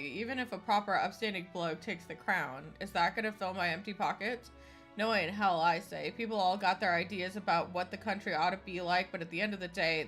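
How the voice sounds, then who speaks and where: A woman's voice: lowish voice, fairly bright tone, lightly acted. A woman reading the lines of a bitter, hard-drinking male townsman from a video game, grumbling and cynical.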